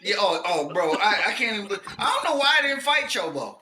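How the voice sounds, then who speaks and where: A man co-hosting a casual podcast chat, loud and exclaiming, laughing and swearing as he rants. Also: high voice, fairly quick. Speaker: podcast co-host. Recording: echoey room with steady noise.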